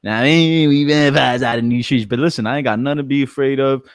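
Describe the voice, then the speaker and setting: A man's voice: mid-range voice, quick pace, smooth, no room sound, studio quality. A man, hosting a casual live stream, brash, profane and joking as he talks to his chat.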